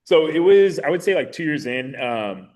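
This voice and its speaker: A man in his thirties, a podcast guest, telling his story in a casual, animated way with many fillers. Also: a little high, normal speed. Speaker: podcast guest, mayoral candidate.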